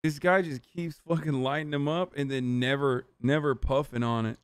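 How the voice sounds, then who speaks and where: A man's voice: mid-range voice, fairly even intonation, moderate pace, clear, resonant tone, no room sound. A man streaming a reaction to a video, cutting in with incredulous, profane comments.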